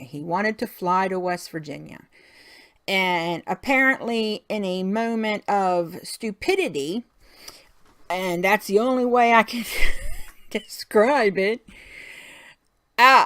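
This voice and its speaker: A woman's voice: mid-range voice, a bit bright, no room sound. A middle-aged woman hosting a craft video, talking in a casual, folksy way and venting with frequent laughs. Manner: talkative, folksy, laughs often while venting. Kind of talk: casual chatty vlog rant.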